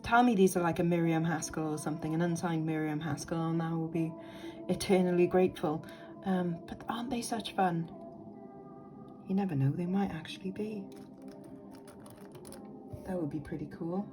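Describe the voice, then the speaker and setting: A woman's voice: on the low side, moderate pace, pauses often, over music. A woman, chatting enthusiastically as she shows vintage jewellery in a casual vlog, thinking aloud with lots of ums. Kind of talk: casual show-and-tell vlog.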